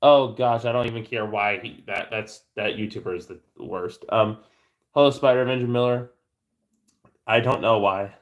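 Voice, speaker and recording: A man's voice: on the low side, moderate pace. A man hosting a casual livestream, rambling and joking with viewers, often stammering and restarting his sentences. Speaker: livestream host.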